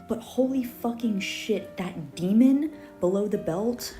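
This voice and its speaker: A woman's voice: fairly low pitch, unhurried, hardly any pauses, mellow, faint music behind. A young woman telling a story dramatically, swearing freely and often dropping into a whisper. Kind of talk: animated storytelling on a podcast clip.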